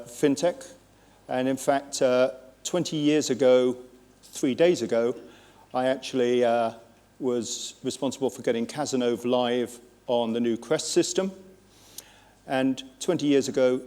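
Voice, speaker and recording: A man's voice: mid-range voice, dark tone. A man moderating a conference panel in a friendly, conversational way with frequent fillers.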